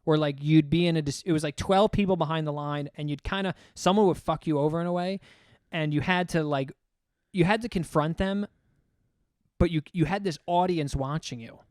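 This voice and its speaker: Young guy from long island ranting in a podcast chat, kinda high, smooth clean voice, dry sound. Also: moderate pace, no room sound. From Long Island, New York. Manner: swearing, animated storytelling with acted-out quotes. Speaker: podcast co-host. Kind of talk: casual chat.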